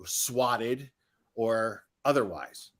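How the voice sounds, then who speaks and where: A man's voice: mid-range voice, animated, extremely slow, a bit bright. Casual swearing man hosting a stream. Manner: mocking, swears freely, laughs often. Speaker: host. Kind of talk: casual livestream commentary.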